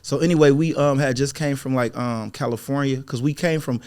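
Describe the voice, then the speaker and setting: A man, a door-to-door sales manager and podcast guest, telling a story in casual interview chat, animated and acting out the dialogue with frequent "you know what I mean?". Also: mid-range voice, brisk, clear, resonant tone.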